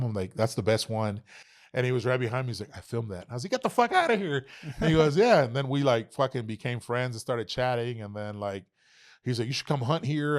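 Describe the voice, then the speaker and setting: A man in his thirties from Texas, a podcast guest telling stories in casual talk, swearing a lot and acting out what people said. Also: mid-range voice. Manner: animated, heavy swearing, acts out quoted exchanges. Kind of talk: casual interview storytelling.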